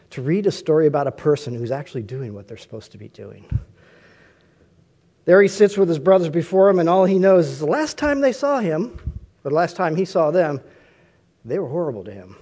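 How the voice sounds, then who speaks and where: A man's voice: on the high side, warm tone. A man preaching a conversational sermon, often asking his listeners rhetorical questions.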